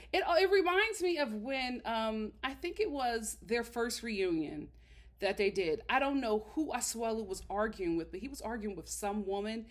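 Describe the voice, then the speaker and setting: A woman vlogger talks straight to camera from a small studio, reviewing a reality show. Her voice sits a little high, and her delivery is sassy and outspoken, with animated swings between scolding and fond. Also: moderate pace. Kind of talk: casual commentary to camera.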